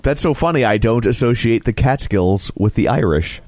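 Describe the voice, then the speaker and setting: A man's voice: mid-range voice, lively intonation, normal speed, a little mellow, dry recording. A man co-hosting a casual podcast, reading ads and chatting, prone to rambling tangents. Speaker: podcast co-host. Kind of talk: casual podcast chat and ad reads.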